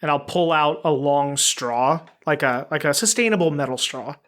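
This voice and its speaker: A man's voice: on the high side, normal speed, fairly bright tone. A man playing a tabletop game casually, plainly describing his character's actions. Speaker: player.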